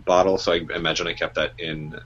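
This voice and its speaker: Deep, husky male player. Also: flat delivery, fairly bright tone, dull audio. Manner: hesitant, halting. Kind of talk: casual tabletop play.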